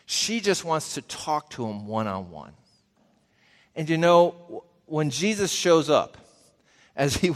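A man preaching a conversational Bible teaching, folksy and talking straight to his listeners with questions. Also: medium pitch. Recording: long reverb of a large hall.

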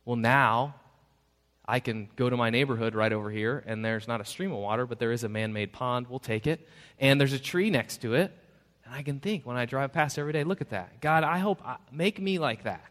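A man's voice: mid-range voice, steady tone, a little fast, a bit bright. A man preaching a sermon as pastor, conversational and self-deprecating, acting out the voices he quotes. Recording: long reverb of a church hall.

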